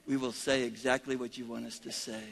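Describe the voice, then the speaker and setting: A man preaching as pastor, leading a congregation in call-and-response and swinging between shouted praise and quiet prayer. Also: mid-range voice, little pitch movement, a little fast, vocal fry. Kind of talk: sermon.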